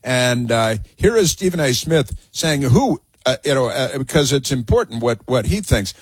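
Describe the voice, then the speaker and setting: A man's voice: medium pitch, sing-song, normal speed, husky, no echo. A man hosting a talk radio show, delivering sarcastic, mocking commentary that rambles with frequent fillers.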